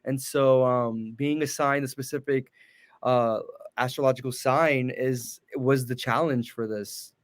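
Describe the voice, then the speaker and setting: A man's voice: mid-range voice, fairly even intonation, unhurried. A man who is a guest on a podcast, chatting casually and explaining details with fillers and self-corrections. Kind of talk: casual reaction chat.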